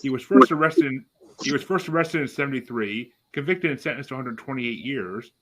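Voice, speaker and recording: A man's voice: medium pitch, brisk, very noisy. A man hosting a casual podcast, reading out bracket matchups with swearing and dry asides. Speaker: podcast host.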